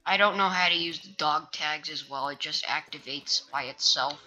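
A woman's voice: low-pitched, normal speed, bright, forceful tone, faint music behind. A woman casually commenting while she plays a video game. She rambles, hesitates and restarts her sentences as she loses her words. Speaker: gaming channel host. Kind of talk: casual let's-play commentary.

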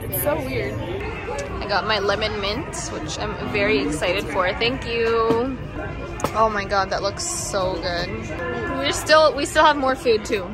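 A woman's voice: mid-range voice, a little slow. A woman vlogging casually to camera, chatty and gushing with lots of fillers. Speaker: travel vlogger. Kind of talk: casual vlog chat to camera. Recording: loud crowd and music behind.

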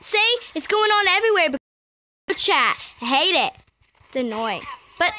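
A woman's voice: sits high, expressive, normal speed, pushed and bright. A woman YouTuber giving chatty, scattered, self-mocking commentary while playing a mobile game.

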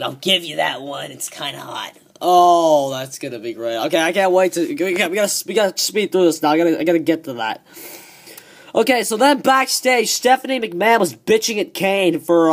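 A man ranting profanely as a wrestling show reviewer, excitable and repeating himself. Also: a little high, moderate pace, gravelly. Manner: excitable, swearing, repeats words. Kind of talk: profane rant.

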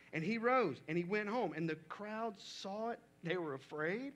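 A man's voice: high-pitched, expressive, a little fast, hardly any pauses. A male pastor preaching a sermon in a conversational way, reading scripture aloud and talking it through.

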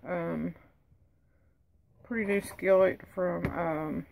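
In a home kitchen, a tired cooking vlogger who is losing her voice rambles through a casual cook-along chat, reading the package instructions aloud. Her voice is fairly low and dark with vocal fry, her intonation fairly even, and she speaks very slowly. The recording is rough, with slight background noise.

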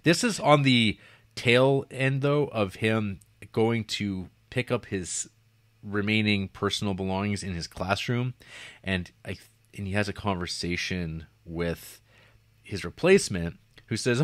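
Man, very low voice, dry close sound, podcast co-host, rambling plot retelling. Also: a little slow, dry recording. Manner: rambling, animated retelling with acted-out quotes and laughs. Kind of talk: casual film review chat.

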